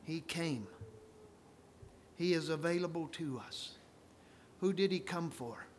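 High-voiced slow-speaking male preacher. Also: a little hiss or hum. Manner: storytelling, swings from soft to loud ringing proclamations. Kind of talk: sermon.

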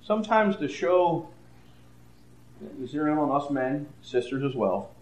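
An older man preaching a sermon, dropping to a hush and then rising loud, often stammering into repeats. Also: on the high side, very animated, reverberant. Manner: swings between hushed and loud, halting repeats.

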